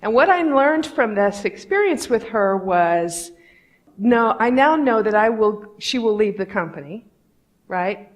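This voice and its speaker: Candid, animated woman giving a talk. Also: a little high, measured pace. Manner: candid, animated, acts out quoted voices. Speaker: conference speaker. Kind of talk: storytelling keynote talk.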